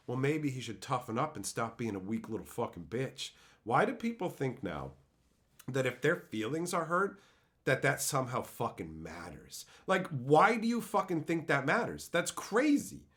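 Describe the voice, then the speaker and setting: A man's voice: medium pitch, very animated, measured pace, fairly bright tone. A man streaming and ranting in a scornful, profane tone, often mocking others in put-on voices. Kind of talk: ranting commentary.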